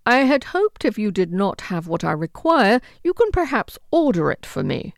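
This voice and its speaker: A woman's voice: mid-range voice, big pitch swings, moderate pace, vocal fry, dry recording, studio quality. A woman reading an audiobook, voicing an aloof, impatient male aristocrat who speaks in curt, clipped phrases.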